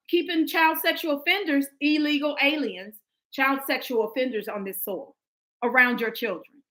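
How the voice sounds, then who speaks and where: American lady on a livestream, bright sharp voice, emphatic, keeps restarting her sentences. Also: high voice, low-quality recording. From United States. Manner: emphatic, addresses viewers directly, frequent restarts. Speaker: livestream host. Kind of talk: livestream commentary.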